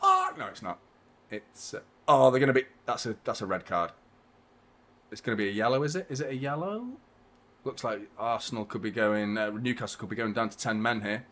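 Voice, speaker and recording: A man hosting a live football watchalong, reacting to the match with casual chat, swearing and bursts of shouting at big chances. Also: on the low side, big pitch swings, fairly quick. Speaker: host of a football watchalong stream.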